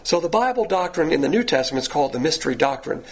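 Man, preacher, sermon, husky voice, animated swings in pitch, emphatic repetition. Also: very fast. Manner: emphatic, repetitive, rising and falling delivery.

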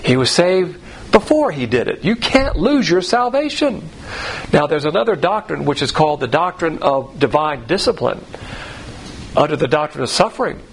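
Male Bible teacher, gravelly voice, slightly high, blunt folksy lecturing, rhetorical questions. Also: very animated, moderate pace, rough recording. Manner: acts out quoted voices.

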